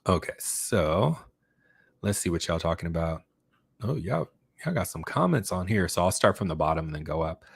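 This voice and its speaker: A man with a very low, deep voice talks casually on his channel, rambling and restarting his sentences with lots of fillers. The sound is dry and close, with no room around it. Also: animated, moderate pace, creaky, breathy edge, dry recording. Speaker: YouTube channel host. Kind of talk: casual livestream chat reading comments.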